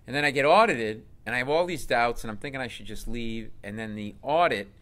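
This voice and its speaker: A middle-aged man from Rhode Island, a comedian telling a story in an interview, animated and acting out the voices of the people in it. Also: on the low side, clear, resonant tone. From Rhode Island, USA. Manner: animated storyteller who acts out quoted voices. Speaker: stand-up comedian, interview guest.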